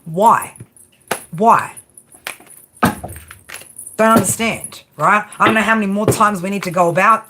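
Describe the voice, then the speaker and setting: A woman giving a blunt, profane tarot reading, exasperated and constantly asking "right?". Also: medium pitch. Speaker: tarot reader. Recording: noisy background.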